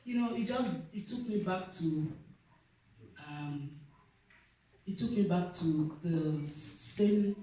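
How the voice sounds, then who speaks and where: A woman's voice: on the low side, mellow, a little hiss or hum. A middle-aged woman giving an earnest, emotional personal testimony and acting out the dialogue as she tells it. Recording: very echoey room, mic far off.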